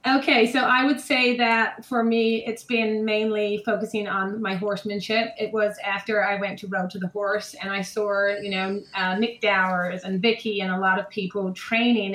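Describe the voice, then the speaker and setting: Give me a woman putting on an American accent, mid-pitched, roomy sound. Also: steady tone, moderate pace, hardly any pauses, fairly bright tone, close to an everyday voice. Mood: earnest. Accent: American, put on.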